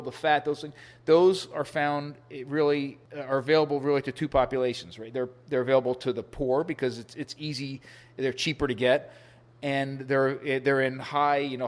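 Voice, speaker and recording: Male podcast guest, animated storyteller, voices quotes up high. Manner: animated storyteller, acts out quotes with rising pitch. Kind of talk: casual storytelling interview.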